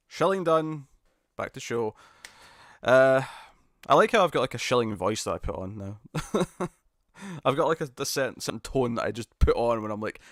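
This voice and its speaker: A man hosts a live stream and reads out viewer comments in a relaxed, conversational way. He pokes fun at himself and laughs easily. His voice sits at an ordinary middle pitch, recorded close and dry. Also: moderate pace, long pauses, dry recording. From United Kingdom. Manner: chatty, self-deprecating, laughs often. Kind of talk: casual live chat reading viewer comments.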